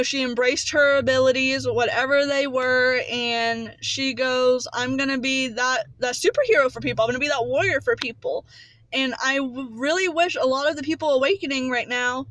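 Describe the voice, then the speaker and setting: High pitched woman vlogger, fired up and rambly, lots of repeating, dry sound. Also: sharp tone, no echo. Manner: passionate, rambling, repeats phrases for emphasis. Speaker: spiritual vlogger. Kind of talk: casual motivational talk to camera.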